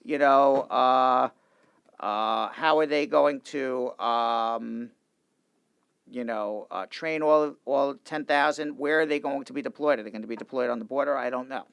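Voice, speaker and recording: A man, an immigration lawyer hosting a casual legal talk show, speaks in an animated way and often restarts and repeats his sentences in a studio. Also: mid-range voice, measured pace, gravelly, clear, resonant tone, dry recording.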